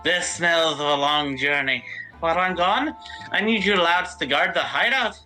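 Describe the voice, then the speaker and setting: A woman's voice: on the low side, moderate pace, bright, forceful tone, faint music behind, pitched below the performer's own voice, rough recording. A woman voicing a swaggering female pirate captain in an Irish accent, bossy and teasing, for a game playthrough. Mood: commanding.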